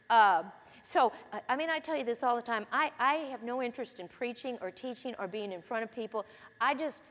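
In a high, slightly bright voice, a woman delivers a conversational, sermon-style Bible lesson in a church hall. She weaves personal anecdotes in among the scripture she reads.

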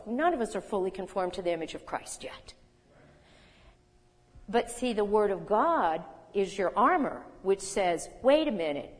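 A woman in her sixties teaching a sermon in a conversational, animated way, reading scripture aloud with emphasis. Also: mid-range voice, measured pace. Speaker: Bible teacher. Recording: long hall reverb.

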